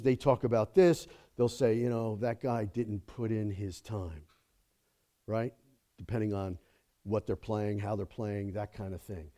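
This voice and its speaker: A middle-aged man giving a sermon in a mellow, relaxed tone that sits a little high for a man. He talks casually with the listeners, checks in with "okay?" and "right?", and builds up to emphatic peaks. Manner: conversational, rising to emphatic preaching with frequent "okay?" and "right?". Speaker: guest preacher.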